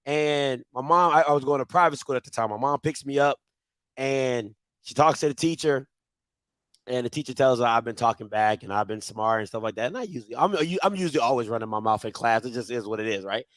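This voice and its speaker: A man's voice: mid-range voice, fairly quick, dry recording. A young man telling a childhood story on a talk show, acting out his younger self with screams and laughter. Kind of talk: animated storytelling.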